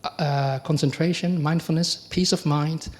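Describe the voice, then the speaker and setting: A middle-aged man, a monk giving a conversational dharma talk, often asking the audience questions and acting out quoted exchanges. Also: a little slow. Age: middle-aged or older. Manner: acts out quoted exchanges with lively pitch jumps. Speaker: Buddhist monk teacher.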